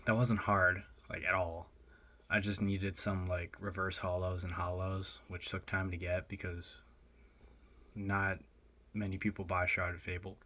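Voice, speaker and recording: A young man telling a rambling, excited story in a casual vlog, with lots of fillers. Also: low-pitched. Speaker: vlogger.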